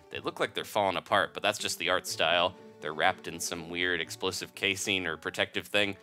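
Bright-voiced chatty gameplay host. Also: male voice, low-pitched, fairly even intonation, fairly quick, hardly any pauses, soft background music. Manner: chatty, jokey, laughs easily. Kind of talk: casual gameplay commentary.

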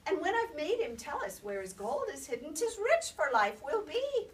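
A woman's voice: high voice, very animated, normal speed, pitched above the performer's own voice. A woman voicing a lazy, headstrong young girl who speaks boldly and impatiently, in a told storybook tale. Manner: bold, impatient. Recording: distant mic, faint background noise.

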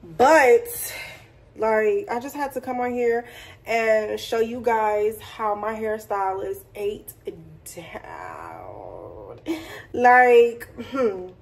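A young woman vlogging in a chatty, excitable, slangy way, talking straight to her phone camera. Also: on the high side, takes it slowly. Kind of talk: casual chat to camera.

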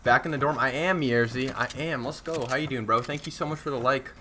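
A man's voice: mid-range voice, brisk, a little hiss or hum. A young man streaming a shooter game live, chatting casually with viewers, joking at himself and getting worked up at tense moments. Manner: casual, excitable, self-mocking, slangy. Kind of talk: live gameplay commentary.

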